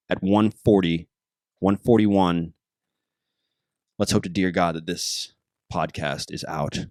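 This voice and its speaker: A young man hosting his own podcast, talking in a casual, excitable and jokey way that keeps drifting off topic. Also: low voice, no room sound, studio quality. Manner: excitable, jokey, easily sidetracked. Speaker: podcast host. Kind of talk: casual rambling podcast monologue.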